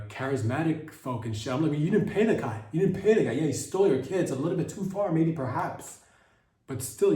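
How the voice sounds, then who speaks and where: A man's voice: medium pitch, dark tone, reverberant, distant mic, rough recording. A young man hosting a comedy podcast, riffing in a rambling, profane monologue full of mock outrage. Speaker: podcast host.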